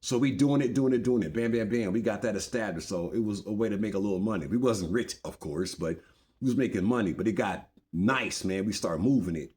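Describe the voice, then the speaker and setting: A man's voice: lowish voice, brisk, a little mellow. A man telling a story from his past in a loose, rambling way, full of slang and repeated phrases for rhythm. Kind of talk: casual street storytelling to camera.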